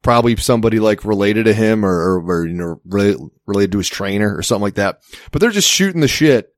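A man's voice: on the low side, animated, quick pace, no room sound, studio quality. A man in casual chat, telling a rambling story with plenty of swearing and laughter.

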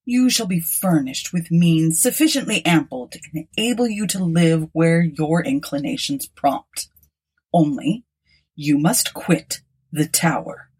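A woman's voice: sits low, unhurried, darkish tone, slightly rough. A woman voicing a proud, scornful young nobleman who speaks haughtily. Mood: haughty. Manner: haughty and dismissive.

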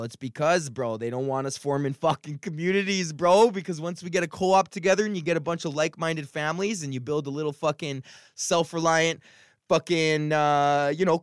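A stand-up comic from Edmonton, Canada hosts his podcast alone, ranting and swearing heavily as he rambles with restarts and fillers. His voice is a little high, recorded in studio quality with no echo.

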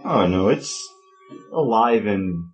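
A man's voice: fairly low pitch, expressive, slow, soft background music, low-quality recording. A man co-hosting a casual podcast, joking and teasing his friends with crude banter. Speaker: podcast co-host. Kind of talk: casual chat.

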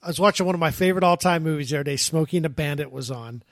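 Argumentative man with a higher voice. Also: rapid-fire, dry recording, clean studio sound. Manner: argumentative, questioning. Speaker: co-host. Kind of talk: casual sports talk.

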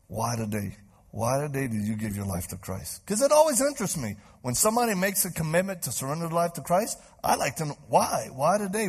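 A man preaching to a live congregation, telling a story with lively acted-out voices. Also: mid-range voice, breathy edge. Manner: animated, acts out voices in stories. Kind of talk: sermon storytelling. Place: church stage before a live crowd.

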